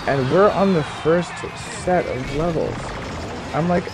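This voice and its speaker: A man giving casual, excitable commentary while playing a snowboarding game, swinging between mutters and shouts. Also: a little high, unhurried, background noise. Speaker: gaming YouTuber. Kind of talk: casual let's play commentary. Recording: game music behind.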